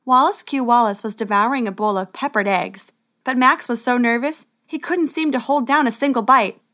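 A woman narrating a children's fantasy story with an expressive, lively read. Her voice sits fairly high and clear. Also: moderate pace.

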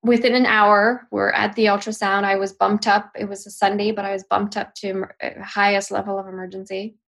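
A young adult woman, a podcast guest, retelling a frightening personal experience in an emotional, halting way with restarts. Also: medium pitch, little pitch movement, vocal fry, a bit bright. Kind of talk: personal storytelling in a podcast interview.

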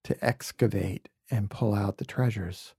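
Gravelly, husky man telling earnest stories. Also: fairly low pitch, a little slow, a little mellow, no echo, studio quality. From New York City. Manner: earnest, confessional storytelling, drops to near-whispers. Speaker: podcast guest. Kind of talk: reflective conversation.

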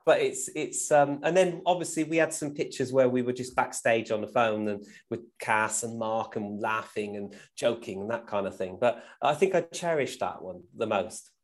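A man's voice: medium pitch, normal speed, few pauses. A man, a guest musician, telling stories casually and animatedly, often tagging "right?" and laughing as he goes. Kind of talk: casual storytelling.

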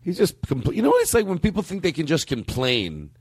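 A man's voice: fairly high pitch, huge pitch swings, a little fast. A male podcast host joking with his co-host, telling rambling, profane stories. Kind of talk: comedic banter.

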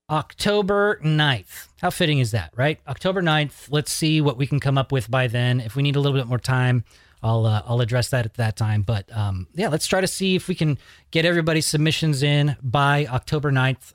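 A man's voice: mid-range voice, no room sound, studio quality. A man hosting a podcast in a loose, joking way, swearing casually as he talks. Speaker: podcast host.

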